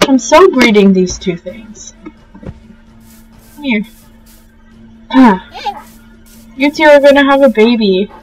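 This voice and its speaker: A young woman hosting a casual let's-play, gushing and excitable as she talks to the animals in the game. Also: on the high side, slow, pauses often, rough recording. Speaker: gaming channel host. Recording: faint game music behind.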